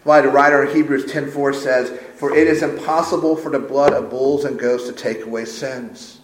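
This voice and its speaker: A man's voice: medium pitch, fairly even intonation, moderate pace. A man preaching a sermon as pastor, stressing points by repeating phrases. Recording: roomy echo.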